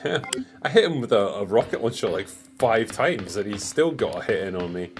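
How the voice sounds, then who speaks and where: A man's voice: on the low side, big pitch swings, moderate pace, soft background music. A Scottish man chatting casually and swearing freely while he plays a game and drinks with a friend. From Scotland. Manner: sweary, joking, banter-heavy. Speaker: co-host and game player.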